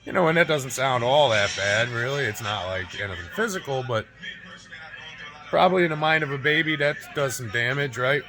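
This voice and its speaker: Lively intonation marks this mid-range male voice, moving at a moderate pace on a rough recording backed by music. A fitness vlogger in his forties, he opens up to the camera about something painful, near tears, cursing freely and repeating "right?" and "you know?".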